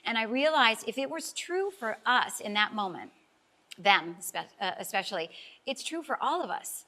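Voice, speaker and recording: A woman's voice: on the high side, lively intonation, moderate pace, bright, forceful tone. A middle-aged woman, a life coach guest, telling an emotional personal story in a talk-show interview, earnest and heartfelt and close to tears at times.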